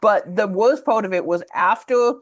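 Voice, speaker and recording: A woman hosting a podcast, telling a story in a casual, animated way with lots of filler words. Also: medium pitch, normal speed. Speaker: podcast host.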